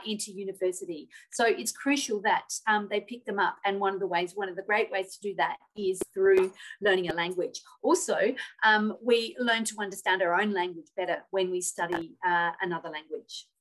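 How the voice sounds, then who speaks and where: A woman speaks as a panelist on a webinar over a video call. She talks at a measured pace, with a few fillers. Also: medium pitch, fairly bright tone, rough recording.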